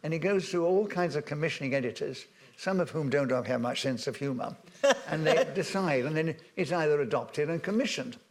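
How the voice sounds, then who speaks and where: A man's voice: fairly high pitch, expressive, brisk. An older man telling stories on a festival stage, rambling with many ums and restarts, and chuckling at his own anecdotes. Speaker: veteran broadcaster and guest. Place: festival stage before an audience.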